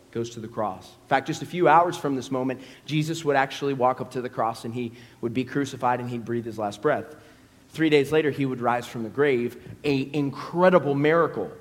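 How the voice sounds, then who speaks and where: A man, a pastor preaching a storytelling sermon and acting out scenes in character voices. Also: fairly high pitch. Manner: animated, acts out scenes in voices. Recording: long hall reverb.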